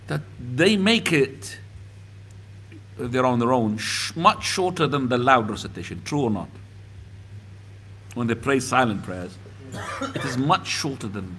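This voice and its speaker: A man's voice: medium pitch, a bit bright, breathy edge. A man teaching a small class, patiently explaining and often asking whether the student understands. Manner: patient, asks checking questions. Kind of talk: classroom lesson. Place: mosque classroom.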